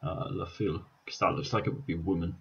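Husky low Scottish man thinking aloud. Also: fairly even intonation, fast talker, fairly bright tone, muffled recording. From Scotland. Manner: thinks aloud, chuckling at his own mistakes. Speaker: vlogger. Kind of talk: casual let's-play commentary.

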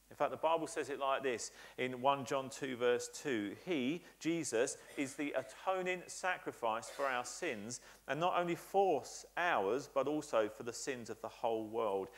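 A pastor with a medium-pitched voice delivers a church sermon with earnest emphasis. He piles up repeated phrases to drive each point home, and frequent "uh" fillers interrupt his sentences.

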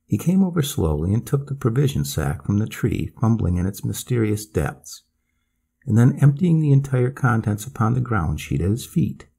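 A man reading a classic ghost story aloud as bedtime narration, in a measured, expressive manner. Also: fairly low pitch, vocal fry, slightly rough.

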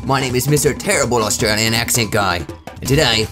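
A hammy, overdone Australian bloke with a mock-cheerful, jokey way of talking, as a man puts him on in comedic game commentary. The voice sits at an ordinary middle pitch, with faint music playing underneath. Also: a little fast, natural voice. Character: man with an over-the-top Australian accent.

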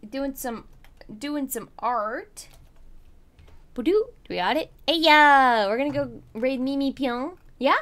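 A young woman livestreams a game, chatting casually and bubbly though she's tired and hiccuping, sometimes mumbling to herself. Her voice is high-pitched and fairly bright, and she speaks slowly.

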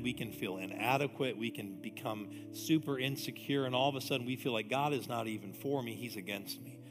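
A pastor in his forties giving a casual, conversational sermon, often dropping in "man". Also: mid-range voice. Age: 40s. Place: church sanctuary. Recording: long hall reverb, music behind.

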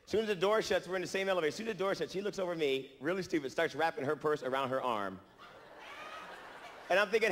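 A male stand-up comedian performing an animated set on stage, acting out the people in his stories. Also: high voice, very fast. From Harrisburg, Pennsylvania. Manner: animated, acts out other people's lines. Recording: reverberant live hall recording with audience noise.

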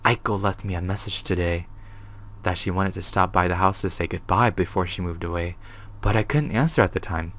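A frightened, guilt-ridden former tenant, read aloud by a man in a put-on accent. The voice sits a little low but comes across bright and forceful. He recounts a diary entry from a horror game. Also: brisk. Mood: fearful. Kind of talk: reading game text aloud.

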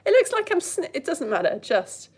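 Greeting viewers by name on her live stream, a young online teacher from the United Kingdom is bubbly and laughs a lot. She speaks at normal speed in a high, darkish-toned voice with huge swings in pitch.

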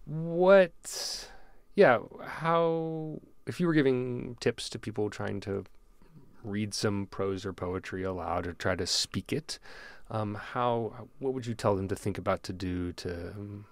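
A man hosting a podcast interview in a studio, asking questions hesitantly with many pauses and restarts. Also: on the low side, fairly even intonation, dry recording. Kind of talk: casual conversational interview. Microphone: studio microphone.

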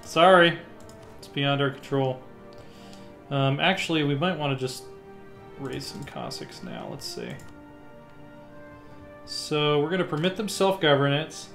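A man's voice: fairly high pitch, sing-song, unhurried, creaky, long pauses, a bit bright, soft background music. A man hosting a strategy game playthrough, thinking aloud as he clicks through menus and muttering half-finished plans. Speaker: let's play host. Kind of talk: casual gameplay commentary.

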